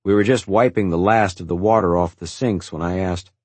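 A man with a very low, husky voice reads a first-person story in a calm, reflective way. The recording is dry and close, with no room around it. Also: brisk, few pauses, dry recording. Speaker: narrator. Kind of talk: first-person audiobook narration.

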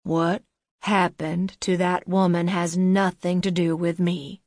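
A gruff, hoarse old man, as a female audiobook narrator puts him on, guarded and evasive, sitting low in his voice. He drags out his short replies at a very slow pace. The sound is close and dry. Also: level tone, darkish tone, no room sound. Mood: hostile.

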